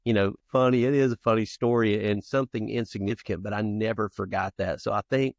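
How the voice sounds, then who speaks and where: A man in his fifties speaks as a podcast guest with a fairly low voice. He tells personal stories earnestly, acting out old scenes with restarts and asides. The sound is dry and close. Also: fast, no room sound. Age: 50s. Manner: lively storyteller who acts out childhood scenes. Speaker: podcast guest, founder and youth coach. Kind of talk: conversational storytelling interview.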